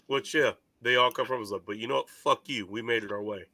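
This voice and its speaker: A man's voice: medium pitch, quick pace, bright, forceful tone. A man hosting a casual podcast chat, brash and profane, rambling between points.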